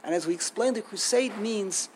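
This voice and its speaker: A man giving a lecture on a liturgical poem, halting and restarting often and asking himself rhetorical questions. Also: high voice, slight background noise, poor audio. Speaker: Torah teacher.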